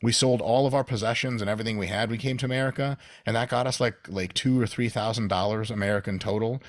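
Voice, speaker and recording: Lower-voiced profane man in casual chat. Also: steady tone, fast talker, no echo. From Russia. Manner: profane, joking, explains at length. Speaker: podcast guest.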